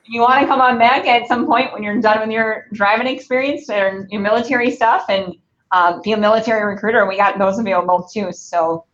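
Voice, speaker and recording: A Midwestern woman recruiter talks through viewer questions in an upbeat, chatty way, full of ums and little asides. Her voice sits at a middle pitch. The sound is a bit dull and lo-fi, like streamed audio. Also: fairly bright tone. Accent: Midwestern American. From Wisconsin. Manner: upbeat, chatty, many fillers. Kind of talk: live Q&A stream.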